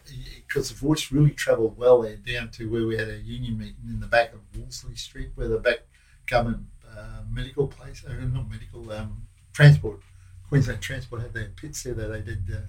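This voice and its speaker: A man's voice: medium pitch, steady tone, brisk, a little mellow, poor audio. An older man with an Australian accent, a former prison officer telling rambling, slang-filled stories in a casual interview. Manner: rambling, anecdotal, with slang and restarts.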